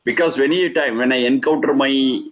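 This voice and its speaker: A man's voice: mid-range voice, moderate pace, highs cut off. A middle-aged man giving a spiritual discourse, stressing and repeating key words and explaining Sanskrit terms. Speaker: Vedic teacher.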